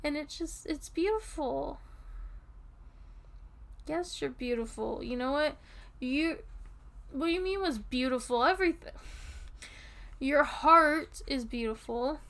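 A woman playing a tipsy, affectionate young girlfriend in an audio role-play, talking softly and intimately and drifting off topic. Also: high voice, slow pace, vocal fry, pauses often, heavily acted. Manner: rambling, giggly, soft and intimate. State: drunk.

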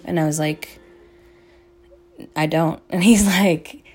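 A woman's voice: low voice, fairly even intonation, slow, breathy edge, faint music behind. A young woman vlogger telling a story to her viewers in a casual, rambling way, swearing often and filling gaps with "like" and "um". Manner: rambling, profane, lots of "like" and "um".

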